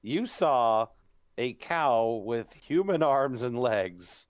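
A male tabletop gamer with a lively, bouncing voice who keeps breaking into laughter. He talks casually, mixing table chatter with questions to the characters. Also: mid-range voice, extremely slow, no room sound. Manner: laughs often, playful. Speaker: tabletop game player. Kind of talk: casual game chat with in-character bits.

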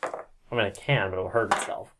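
A man's voice: lowish voice, steady tone, moderate pace, bright, forceful tone, slight background noise. Laid-back man running a tabletop game. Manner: casual, laughing, swears freely. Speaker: game master.

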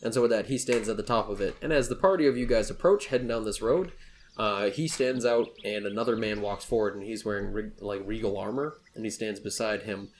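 A man's voice: on the low side, a little fast, a little hiss or hum. A man running a tabletop game as game master, narrating casually with many fillers.

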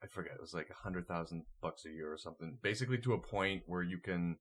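Low-voiced man, rambling podcast co-host. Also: quick pace, husky. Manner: relaxed, rambling with fillers. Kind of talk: casual chat.

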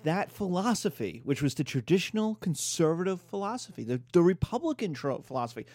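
A middle-aged man giving a lively, emphatic history lecture. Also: high-pitched, a little fast, no echo. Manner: animated, emphatic, mimics voices in quotes.

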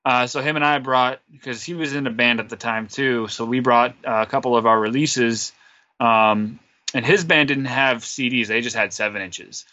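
A man's voice: medium pitch, moderate pace, bright, forceful tone, no echo, highs cut off. A man on a podcast as a guest, telling a rambling, self-deprecating story full of fillers. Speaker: podcast guest, wrestler and musician. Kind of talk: casual interview storytelling.

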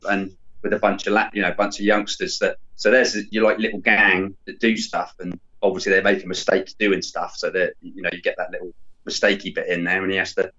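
Tired, rambling man with a low voice. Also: level tone, fairly quick, sharp tone. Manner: rambling, hesitant, with many fillers. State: tired, just off work. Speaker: film reviewer guest. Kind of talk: casual chat. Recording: dull lo-fi sound.

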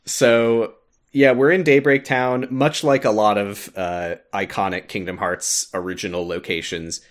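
A man with a lowish voice and fairly even intonation speaks a little slowly. In casual podcast chat, this co-host explains a game's story, with frequent laughter and filler words.

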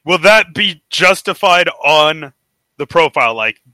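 An American man co-hosting a podcast, chatting casually, swearing often and excitable. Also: fairly high pitch, unhurried, no echo. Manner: profane, excitable, laughing often. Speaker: podcast co-host. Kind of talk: casual chat.

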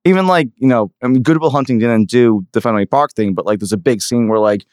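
A man rants quickly and casually, peppering his talk with swearing. The sound is dry and close, with little room behind it. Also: mid-range voice, darkish tone, smooth, no echo. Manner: fast, ranting, swears a lot. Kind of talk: casual chat.

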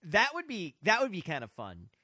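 A man's voice: sits high, wildly swooping pitch, normal speed, sharp tone, slightly rough, no room sound, studio quality. A man co-hosting a casual podcast chat, goofy and playful, often laughing as he talks. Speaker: podcast co-host.

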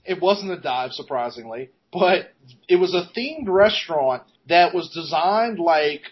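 A man with a high-pitched, breathy-edged voice tells a rambling story on a podcast. His pitch jumps around constantly as he laughs and swears through it. The recording sounds muffled and lo-fi. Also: animated, measured pace. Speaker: podcast co-host. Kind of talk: casual storytelling chat.

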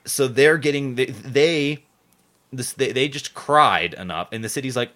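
A man's voice: medium pitch, a little slow, a bit bright. A man hosting a podcast, rambling sarcastically and swearing a lot as he chats about local news. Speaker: podcast host. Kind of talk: casual profane local-news chat.

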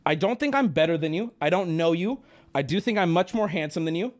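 A young man casually riffing and ranting on a live stream, rambling and swearing, with sudden high squeaky outbursts. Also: lively intonation, brisk.

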